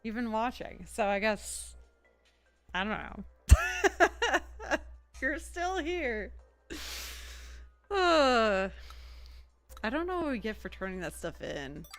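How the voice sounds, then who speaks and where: Slow, lively-voiced woman streamer. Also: on the high side, soft background music. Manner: rambling, chatty, talks to chat. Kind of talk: casual gameplay livestream chat.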